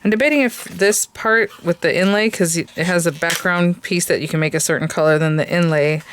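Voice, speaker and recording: Lower-voiced woman chatting through a craft tutorial. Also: fairly quick, fairly bright tone, a little hiss or hum. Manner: chatty, thinks aloud with hesitant fillers.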